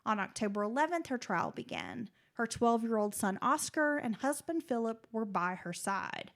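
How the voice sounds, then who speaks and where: Woman, podcast co-host, true crime script reading, steady, chatty asides. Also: fairly high pitch, normal speed.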